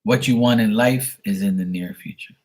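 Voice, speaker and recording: A man's voice: lowish voice, moderate pace. A man giving casual live tarot readings and teasing viewers as he answers them. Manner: teasing, talks back to chat. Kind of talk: casual livestream chat.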